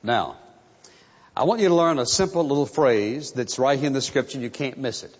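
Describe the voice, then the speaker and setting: A male pastor delivers a sermon in a slow, emphatic cadence and leans on repeated phrases. His voice sits in an ordinary middle pitch. The sound is a little muffled and rings with the long reverb of a large hall.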